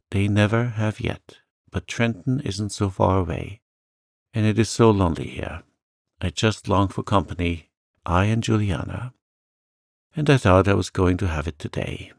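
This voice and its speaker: A man's voice: lowish voice, normal speed, creaky, a little mellow, no echo, clean studio sound. A man voicing a lonely, sweet little old lady who talks in a chirpy, eager, fluttery way. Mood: wistful.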